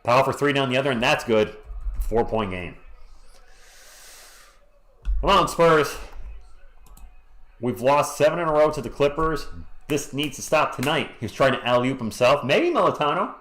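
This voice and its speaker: Hoarse male stream host, casual play-by-play with lively pitch, greets chat by name. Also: normal speed, pauses often. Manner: chatty, greets chat viewers by name between plays. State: hoarse, losing his voice. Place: home at night.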